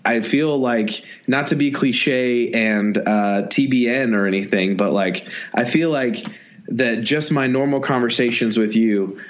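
A man's voice: medium pitch, measured pace, muffled recording. A man co-hosting a podcast in casual chat, enthusiastic and rambling, with a self-deprecating streak. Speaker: podcast co-host.

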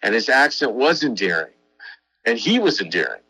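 A middle-aged man, an advertising executive, telling stories in an interview in an animated way, acting out quotes. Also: medium pitch, moderate pace, husky, no echo, soft background music, rough recording. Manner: animated, acts out quotes, frequent restarts. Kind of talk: casual interview storytelling.

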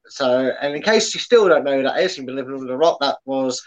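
A man's voice: mid-range voice, animated, quick pace. Chatty man, dull lo-fi sound. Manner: chatty, many restarts and fillers. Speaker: podcast host. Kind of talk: casual chat.

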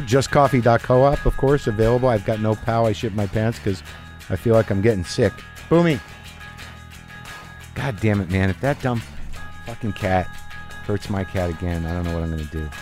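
A man's voice: fairly low pitch, brisk, a little mellow, soft background music. A middle-aged man hosting a podcast, talking in a wry, rambling way with lots of restarts. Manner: rambling, wry, self-interrupting. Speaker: podcast host. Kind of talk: casual conversation.

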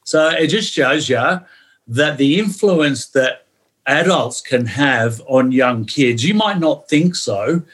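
A man's voice: medium pitch, expressive, takes it slowly, a bit bright. An older man from England with an English accent, a guest telling chatty stories in a podcast interview. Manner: storytelling, chatty, peppers talk with "yeah".

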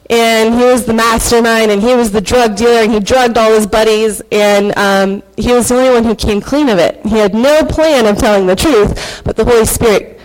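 Her voice on the high side, a woman in her thirties shares a personal testimony of faith from a church stage, earnest and emotional, hesitating with fillers. A little hiss or hum and rough recording quality come through.

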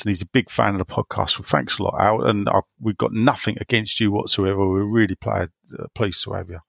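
A man's voice: on the low side, brisk, creaky, few pauses, fairly bright tone, no room sound, studio quality. A man co-hosting a podcast, chatting casually in a blunt, bantering way and swearing freely. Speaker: podcast co-host. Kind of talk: casual chat.

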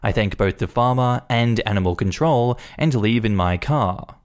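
A man reading a first-person Reddit story aloud in an animated, indignant storytelling manner. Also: mid-range voice, moderate pace. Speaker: story narrator.

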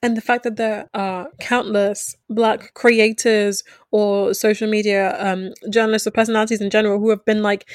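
A woman in casual discussion who talks in a measured, reflective way. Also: mid-range voice, flat delivery, smooth, dry recording, clean studio sound.

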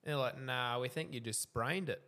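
A young Australian man tells a long, rambling story on a relaxed podcast. He is easygoing and crude, swears often, and laughs at his own bad luck. His voice sits at an ordinary middle pitch. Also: moderate pace. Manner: laid-back, swears freely, laughs through his stories. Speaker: podcast co-host. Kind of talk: casual storytelling.

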